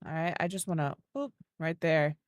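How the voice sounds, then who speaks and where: A woman's voice: deep voice, lively intonation, normal speed, dry recording, clean studio sound. A woman giving casual gameplay commentary, thinking aloud as she builds and cooing baby talk at an animal. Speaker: gaming video creator.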